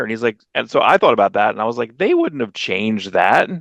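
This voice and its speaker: A man co-hosting a comics podcast in casual chat, rambling through stories and acting out quotes with sudden leaps in pitch. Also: lively intonation, very fast, hardly any pauses, no room sound. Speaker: podcast co-host.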